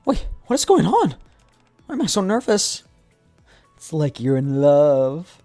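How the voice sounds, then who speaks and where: A man's voice: fairly high pitch, wildly swooping pitch, a little slow, mellow, no room sound, soft background music, exaggerated voice. A man voicing a cheerful, nervous young woman train conductor while reading game dialogue aloud on a stream. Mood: flustered.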